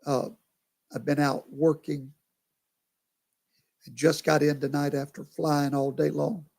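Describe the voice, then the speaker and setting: Tired, slow male pastor. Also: on the high side, little pitch movement, vocal fry, a little mellow. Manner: chatty, talks to viewers by name. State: tired, yawning. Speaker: pastor hosting a livestream. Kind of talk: casual live commentary.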